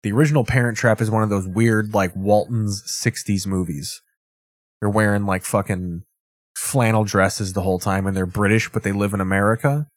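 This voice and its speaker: A man's voice: fairly low pitch, fairly even intonation, normal speed, no room sound. A man giving casual, profane commentary as he reacts to TV clips, rambling with wry asides.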